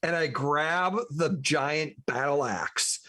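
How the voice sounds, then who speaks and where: Eager, higher-voiced man playing a game. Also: slow pace, pushed and bright. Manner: eager, describing his character's actions. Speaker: player.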